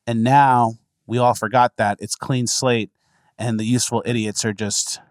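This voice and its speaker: A man's voice: mid-range voice, steady tone, normal speed, dry recording, clean studio sound. A man hosting a casual podcast, commenting sarcastically and dismissively on news clips. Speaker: podcast host.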